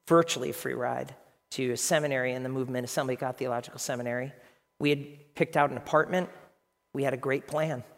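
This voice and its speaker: A man in his fifties, a pastor preaching a sermon with animated, emphatic storytelling. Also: mid-range voice, long reverb tail. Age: 50s.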